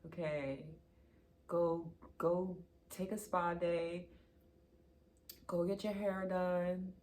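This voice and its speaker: A woman's voice: fairly low pitch, level tone, extremely slow, darkish tone, a little hiss or hum. Playful, emphatic woman reading tarot cards. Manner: chatty, playful and emphatic, teasing then insisting. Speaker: tarot reader. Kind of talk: casual pick-a-pile tarot reading.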